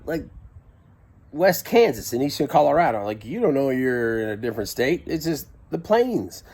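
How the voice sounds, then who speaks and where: A man's voice: mid-range voice, very animated, normal speed, darkish tone, slightly rough. A middle-aged man casually telling a rambling first-person story, with wry asides and frequent self-corrections.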